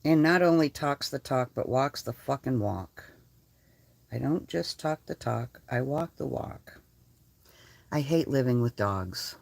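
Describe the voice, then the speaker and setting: An older woman who lives in a converted school bus chats on her vlog in a bass voice with vocal fry, speaking a little slowly. She's blunt and profane, telling stories with plenty of energy, and the recording is dry.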